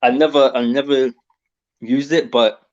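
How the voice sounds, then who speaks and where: A man with a British accent, chatting as a guest on a live stream in a relaxed, laughing way. His audio comes through dull and lo-fi. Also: medium pitch, a little slow. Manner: laughing, easygoing. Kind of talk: casual chat.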